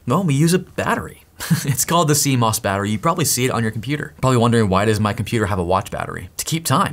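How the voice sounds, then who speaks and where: A man hosting a tech video, explaining hardware in an excitable, jokey way that keeps interrupting itself. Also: medium pitch. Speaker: tech YouTuber host.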